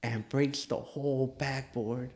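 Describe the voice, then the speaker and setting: A young man co-hosting a casual podcast chat, telling animated stories, swearing often and laughing through the punchlines. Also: medium pitch, unhurried. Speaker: podcast co-host.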